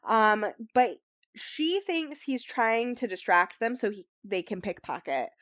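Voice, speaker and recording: A woman's voice: on the high side, expressive, unhurried, a bit bright, no echo, studio quality. Chatty young woman recapping a book. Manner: rambling, filler-heavy, says "like" and "um" often. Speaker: book club host recapping the book. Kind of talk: casual podcast chat, summarizing a novel.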